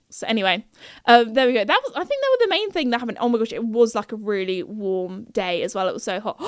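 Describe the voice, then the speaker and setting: A woman's voice: a little high, lively intonation, moderate pace, clear, resonant tone, no room sound, studio quality. A young woman hosting a podcast, chatting in a bubbly, rambling way, full of fillers. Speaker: podcast host. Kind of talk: casual chat.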